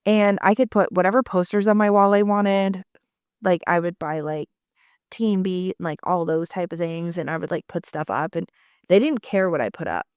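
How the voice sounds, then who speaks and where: A woman's voice: lowish voice, moderate pace, a little mellow, clear, resonant tone, no room sound, studio quality. A woman in her forties co-hosting a podcast, talking in a rambling, casual way with lots of fillers and the odd swear. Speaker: podcast co-host; mother. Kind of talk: casual chat.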